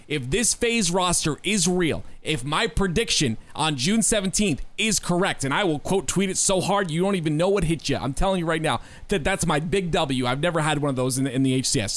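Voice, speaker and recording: A man co-hosting a podcast, talking in an animated, assertive way with folksy sayings and repeated emphasis. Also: fairly high pitch. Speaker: podcast co-host. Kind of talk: casual podcast discussion.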